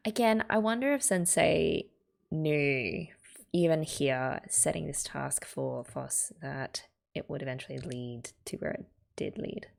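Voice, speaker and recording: Low, gravelly Australian woman reacting. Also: expressive, takes it slowly. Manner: chatty, laughing asides and whispered remarks. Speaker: reaction video host. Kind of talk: reading a manga aloud with commentary.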